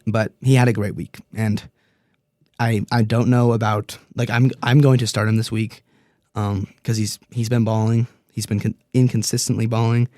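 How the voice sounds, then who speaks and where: A young man hosting a casual podcast, rambling and animated, joking at his own expense. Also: fairly low pitch, moderate pace, no room sound, studio quality. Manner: rambling, animated, self-deprecating. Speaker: podcast host. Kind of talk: casual fantasy football chat.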